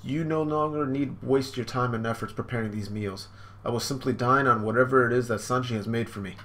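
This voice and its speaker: A man voicing a gentle, dying queen mother who speaks tenderly to her son. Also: medium pitch, brisk, close to an everyday voice.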